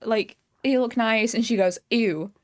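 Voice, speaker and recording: A young adult woman streamer in casual chat, animated, swearing freely and laughing often. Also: fairly high pitch, moderate pace.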